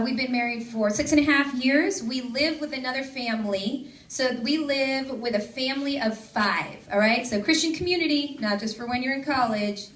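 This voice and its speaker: A woman's voice: high-pitched, fairly bright tone, a little hiss or hum. A woman in her thirties from the Seattle suburbs, giving a bubbly, joking conference talk as a campus ministry staff speaker, into a stage microphone before a large audience. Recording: echoey hall with crowd.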